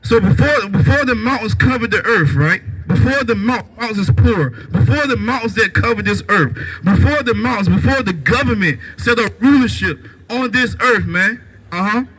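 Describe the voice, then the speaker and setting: A man with a very high, bright voice with a husky edge preaches on the street. He keeps tossing rhetorical questions at his listeners and tags nearly every line with "right?". His delivery drives forward like a sermon. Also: animated, moderate pace, poor audio.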